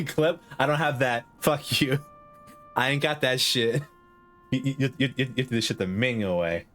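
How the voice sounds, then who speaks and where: A man's voice: mid-range voice, animated, brisk, fairly bright tone, faint music behind. A man, casually rambling and laughing while streaming a game. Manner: giggly, rambling, self-deprecating.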